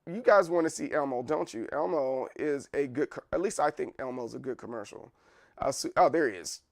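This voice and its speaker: A man's voice: mid-range voice, animated, a little fast, creaky, dry recording, studio quality. A man hosting his own livestream, chatting casually in a rambling, playful and apologetic way. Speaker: livestream host.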